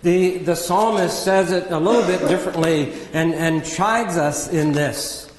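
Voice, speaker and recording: A man preaching a sermon in a measured, earnest teaching manner, with self-deprecating asides. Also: sits high, a little hiss or hum. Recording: echoey hall with long reverb.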